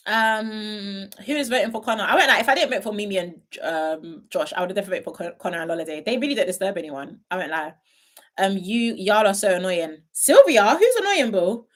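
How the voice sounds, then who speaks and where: A woman's voice: mid-range voice, quick pace, a bit bright. Young woman, stream host, playful and rambling, lots of ums. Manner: chatty, playful, laughs often, trails off with ums. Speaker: reality show commentator. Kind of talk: casual live-stream chat reading viewer comments.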